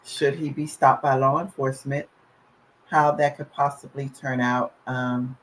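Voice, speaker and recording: A woman's voice: extremely low pitch, flat delivery, a little slow, a little hiss or hum, poor audio. A woman guest on an interview, earnestly recounting a family story in detail. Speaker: guest, mother.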